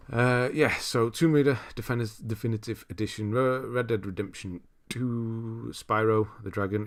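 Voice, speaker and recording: Low-voiced male streamer. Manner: relaxed, rambling, reads chat aloud with frequent laughs. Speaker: streamer host. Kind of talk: casual live-stream chat.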